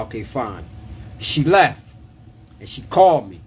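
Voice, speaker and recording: A man's voice: medium pitch, very animated, measured pace, darkish tone, breathy edge. Emphatic man on a casual livestream. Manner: emphatic, repeats himself and asks "you understand?". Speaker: tax preparer and coach. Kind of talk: casual live-stream talk.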